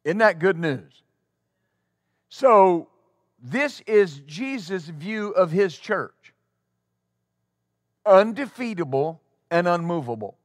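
A male pastor preaching a sermon to his congregation in a church, talking conversationally and then breaking into loud exclamations. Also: sits high, sing-song, slow pace, pauses often, dry recording, clean studio sound. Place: church sanctuary before a congregation.

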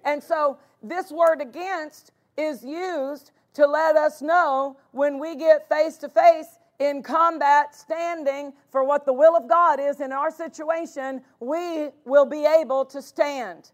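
A woman's voice: high-pitched, steady tone, slow, hardly any pauses. A woman pastor preaching a sermon, stressing and repeating key phrases with emphatic conviction.

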